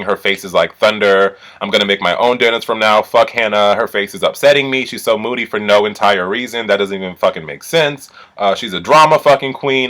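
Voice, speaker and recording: Male vlogger, low-pitched, casual and profane, mumbles then erupts with indignation. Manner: animated, profane, swings from mumbling to indignant outbursts. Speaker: reality TV recap vlogger. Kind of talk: casual ranting recap.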